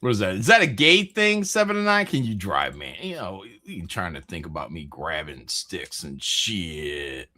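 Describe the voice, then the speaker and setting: A man's voice: deep voice, sing-song, moderate pace, few pauses, sharp tone. A man hosting a casual live stream, rambling through chat messages with frequent jokes, laughs and swearing. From American Midwest.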